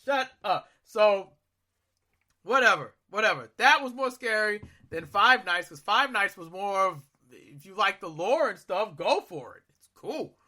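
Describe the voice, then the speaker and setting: Lively, bright-voiced man in his thirties. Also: high voice, unhurried. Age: 30s. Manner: animated, acts out his own reactions with loud shouts. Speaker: podcast co-host. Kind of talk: casual storytelling.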